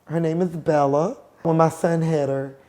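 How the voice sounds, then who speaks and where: A middle-aged woman, a show host, gives a personal testimony in an emotional, halting way, with pauses and restarts. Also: low voice, fairly even intonation, dark tone. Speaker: host telling her own story.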